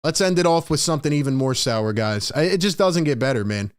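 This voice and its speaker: A man's voice: on the high side, expressive, brisk, smooth, no room sound, clean studio sound. A man hosting a live postgame fan show, ranting in frustration and reading out viewers' chat comments. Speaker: sports podcast host.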